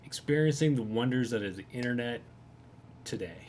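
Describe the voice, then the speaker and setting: A man acting as game master, narrating a tabletop game in a relaxed way, with fillers and easy laughter. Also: mid-range voice, background noise.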